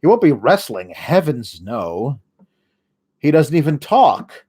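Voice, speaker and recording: A man's voice: a little high, big pitch swings, slow pace, darkish tone, husky. A man hosting a casual solo recap show, rambling and sarcastic, with frequent fillers and swearing when annoyed. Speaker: host.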